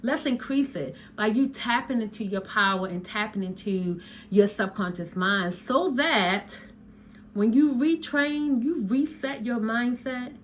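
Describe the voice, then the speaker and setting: A woman hypnotherapist, giving an animated motivational talk and dropping into a slow, soft voice for hypnosis lines. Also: medium pitch, a little hiss or hum. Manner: animated, preachy, talks straight to the listener as "honey" and "y'all". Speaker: hypnotherapist and podcast host.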